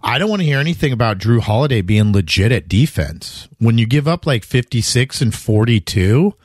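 A man co-hosting a casual sports betting podcast, chatty and quick to act out quotes in a raised voice. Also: mid-range voice, lively intonation, slightly rough, dry recording, studio quality. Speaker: podcast co-host.

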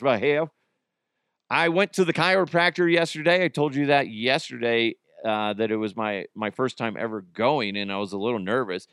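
A man's voice: medium pitch, normal speed, clean tone, no room sound, studio quality. A man in his thirties with an American accent, hosting a casual podcast and telling stories with acted-out quotes. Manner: animated storytelling, acts out quotes. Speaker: podcast host. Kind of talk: casual solo podcast chat.

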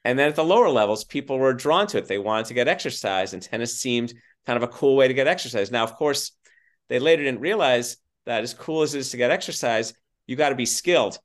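An older man being interviewed as a tennis journalist, telling stories in a lively, animated way with frequent restarts. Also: mid-range voice, quick pace. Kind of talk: casual storytelling interview.

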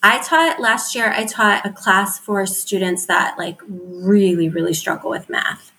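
A woman's voice: medium pitch, a little slow, bright, forceful tone. A woman who is an author and teacher, a podcast guest who talks in a bubbly way, laughs often and says "like" a lot. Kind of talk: casual interview chat.

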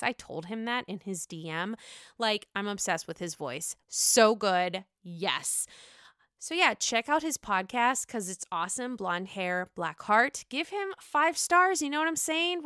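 A woman podcast host, swearing freely as she dishes on reality TV in casual, emphatic chat. Her voice is bright and crisp, a little higher than most, recorded dry and close. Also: no room sound. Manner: gossipy, profane and emphatic.

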